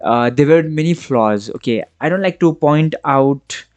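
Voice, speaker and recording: A man's voice: a little high, animated, unhurried, darkish tone, dry recording. A man hosting a football reaction vlog, ranting with passion and exasperation, and often checking in with the listener. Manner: passionate, exasperated ranting with frequent tag questions. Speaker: football fan channel host.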